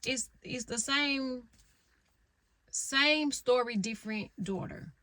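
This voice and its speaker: A woman's voice: fairly high pitch, takes it slowly, sharp tone, dry recording. A middle-aged woman vlogging from her parked car, telling stories in a blunt, rambling way and swearing freely. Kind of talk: casual candid storytelling.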